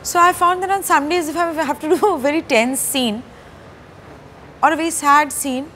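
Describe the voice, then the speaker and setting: A woman, talking as a guest in a candid stage interview, soft-spoken and hesitant with many fillers. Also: high voice, normal speed, a little hiss or hum. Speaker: actor and director, interview guest. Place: stage before a live audience.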